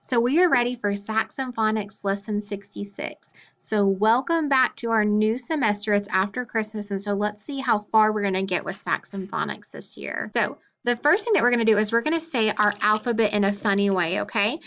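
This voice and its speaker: A woman teaching a phonics lesson to children, spelling out letters and sounds clearly and praising often. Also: medium pitch, moderate pace, few pauses, a bit bright. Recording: dull lo-fi recording.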